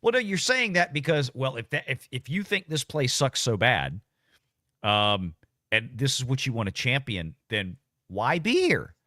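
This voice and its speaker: Rambling, animated male stream host. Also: medium pitch, normal speed, no echo, clean studio sound. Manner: rambling, frequent restarts, laughs easily. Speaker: host of a live political talk stream. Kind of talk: casual political chat.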